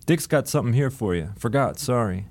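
A man voicing a laid-back Brooklyn van driver who talks about himself in the third person and calls people brah, a little higher than his own voice. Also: animated, brisk, darkish tone. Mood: easygoing.

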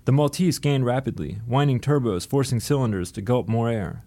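Steady male audiobook narrator. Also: medium pitch, normal speed.

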